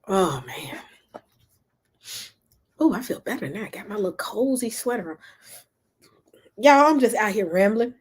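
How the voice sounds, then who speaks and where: A woman's voice: medium pitch, animated, unhurried, long pauses, breathy edge. A woman from Memphis with a Southern accent, chatting and rambling casually on a livestream while reading comments. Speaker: livestream host.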